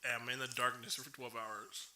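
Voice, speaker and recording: A man's voice: medium pitch, little pitch movement, normal speed, heavy background noise. A young man co-hosting a casual podcast chat, giggling often and saying "dude" and "bro". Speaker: podcast co-host. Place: podcast studio.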